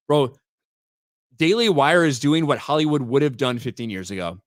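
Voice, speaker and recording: A man's voice: a little high, expressive, normal speed, no room sound, studio quality. A male livestream host in casual commentary. He is blunt and profane, repeats words as he starts sentences, and reads chat names aloud. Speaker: host of a live stream.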